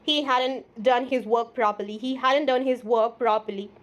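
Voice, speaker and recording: Indian English teacher drilling phrases. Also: female voice, fairly high pitch, steady tone, highs cut off. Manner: slow, repetitive drilling of example sentences. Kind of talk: spoken English lesson.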